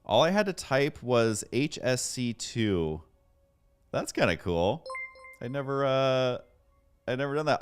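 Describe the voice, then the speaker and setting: A man streaming a game and chatting casually with viewers, excitable and self-deprecating as he thanks them by name. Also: medium pitch, unhurried, clean tone. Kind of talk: casual livestream chat.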